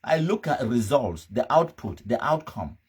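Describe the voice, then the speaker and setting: A man's voice: mid-range voice, big pitch swings, measured pace, slightly rough. A man speaking Cameroonian Pidgin English, hosting a live commentary show in an emphatic, scornful, ranting manner. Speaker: host.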